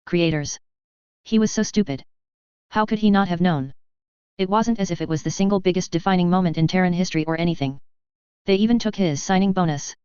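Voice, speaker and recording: A woman narrating a science fiction story in a steady, even storytelling voice, in a dull lo-fi recording. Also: fairly low pitch, a little fast, clear, resonant tone, no room sound. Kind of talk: audiobook narration of a sci-fi story.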